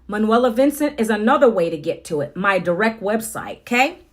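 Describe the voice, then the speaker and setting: A woman's voice: medium pitch, animated, a little fast. A middle-aged woman hosting a casual livestream, chatty and upbeat, talking straight to her viewers on her phone. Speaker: livestream host.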